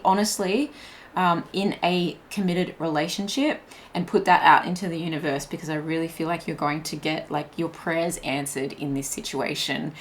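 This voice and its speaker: A young woman giving a pick-a-card tarot reading in a chatty, meandering way, full of "like" and restarts. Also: lowish voice. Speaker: tarot reader.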